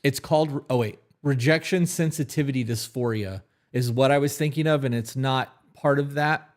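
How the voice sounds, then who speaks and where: A man's voice: mid-range voice, moderate pace. A man co-hosting a live advice podcast, talking candidly and at length, with casual swearing. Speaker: podcast co-host.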